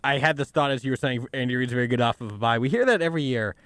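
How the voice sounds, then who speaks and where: A man's voice: medium pitch, lively intonation, very fast, a bit bright, no echo. A man, the show's producer, chiming in with easygoing sports talk. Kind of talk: sports talk radio banter.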